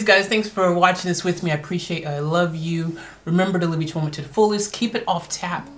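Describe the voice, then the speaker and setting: Excitable slangy reaction host, lowish voice. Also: female voice. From American. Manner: excitable and slangy, talks straight to viewers. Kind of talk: casual commentary.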